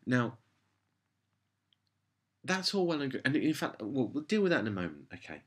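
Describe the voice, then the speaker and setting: A man's voice: medium pitch, sing-song, normal speed, breathy edge. A man delivering a casual, rambling review monologue, sarcastic and exasperated. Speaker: show reviewer.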